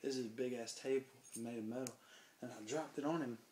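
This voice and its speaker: A man's voice: medium pitch, a little fast. A drunk man rambling through a profane anecdote, acting out the lines of the people in it. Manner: profane, animated, acts out quotes. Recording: roomy with faint noise.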